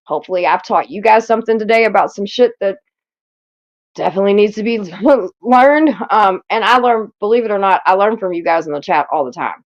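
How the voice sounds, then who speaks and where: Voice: mid-range voice, brisk. Streamer just rambling to chat, kinda muffled audio, casual cussing. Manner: rambling, loose with fillers and profanity. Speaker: streamer reacting to a clip.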